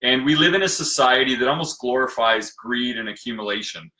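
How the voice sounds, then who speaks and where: A man's voice: mid-range voice, a little fast, pushed and bright, echoey room, low-quality recording. A man hosting a casual live stream, rambling and self-deprecating. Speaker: host.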